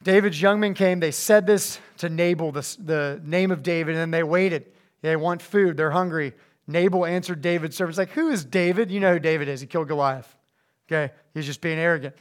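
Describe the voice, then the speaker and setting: A young man preaches to a room of teenagers in a bright, high voice. He jokes with them and acts out the quotes, jumping up sharply in pitch for comic effect. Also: fairly quick. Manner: animated, joking, acts out quotes with big pitch jumps. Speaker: youth pastor. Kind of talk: energetic sermon to teens.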